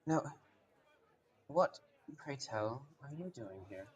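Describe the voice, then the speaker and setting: A man's voice: medium pitch, animated, takes it slowly. A man voicing a suave, refined adventurer with affected, genteel phrasing during in-character tabletop role-play. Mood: smooth, coaxing.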